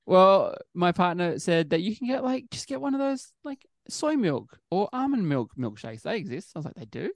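Aussie guy with a gravelly voice, um-ing and uh-ing through a chat. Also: high-pitched, big pitch swings, moderate pace, few pauses, no room sound, studio quality. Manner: gravelly, hesitant, lots of fillers. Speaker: radio show co-host. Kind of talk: casual chat.

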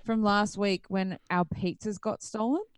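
A woman's voice: mid-range voice, unhurried, crowd noise. A young woman, co-hosting a casual podcast chat and telling stories by acting out every side of the conversation. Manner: animated storyteller who acts out both sides of conversations. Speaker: podcast co-host.

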